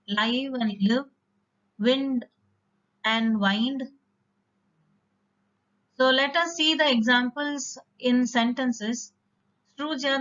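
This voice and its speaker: A woman teaching an English vocabulary lesson, explaining patiently with occasional fillers. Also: fairly high pitch. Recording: dull lo-fi recording.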